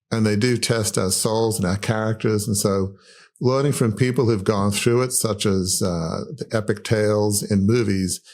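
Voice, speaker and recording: A man's voice: fairly low pitch, a little mellow. A middle-aged man with an Australian accent, speaking earnestly on a podcast with frequent fillers. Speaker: podcast host. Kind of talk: reflective podcast conversation.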